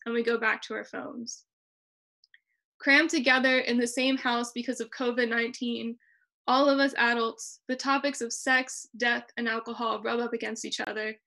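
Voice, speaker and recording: A young woman reads her personal essay aloud over a video call, her tone bright and a touch high. She moves through the text in a measured and expressive way. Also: vocal fry. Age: young adult. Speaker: student reader.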